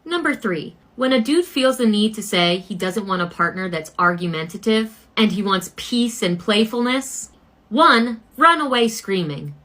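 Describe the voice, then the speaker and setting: Bright, emphatic woman commentator. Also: medium pitch, animated, unhurried. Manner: sarcastic, emphatic. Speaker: commentator reacting to a video. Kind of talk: opinionated video commentary.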